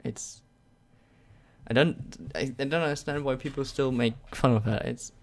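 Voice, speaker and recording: A young man with a German accent hosts a casual live stream, reading out viewers' questions. He answers in a sarcastic, joking way and laughs often, and his voice sits at a middle pitch. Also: moderate pace. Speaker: YouTube channel host.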